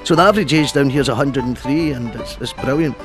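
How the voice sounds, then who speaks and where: Over background music, a man does a lightly acted comic impression of a famous Scottish comedian touring Scotland, rambling through absurd jokes in a Scottish accent. His voice is medium-pitched and fast.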